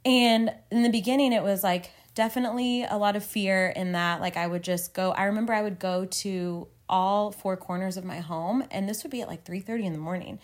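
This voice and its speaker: A woman's voice: medium pitch, fairly even intonation, brisk, few pauses. A woman in her thirties co-hosting a faith podcast, talking earnestly and at length with lots of filler words. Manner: earnest, rambling, many "like" fillers, emotional. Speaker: podcast co-host. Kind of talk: casual faith podcast chat.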